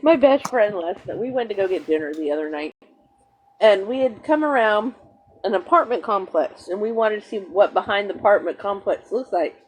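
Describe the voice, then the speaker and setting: A woman's voice: mid-range voice, animated, normal speed. A middle-aged woman hosting a livestream, telling stories in casual chat and greeting viewers. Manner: chatty storyteller, greets viewers. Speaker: livestream host.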